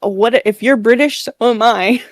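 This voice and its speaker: A woman's voice: on the high side, takes it slowly, no room sound, clean studio sound. A woman with a Midwestern American accent, a guest in a casual interview, speaking very expressively and laughing often.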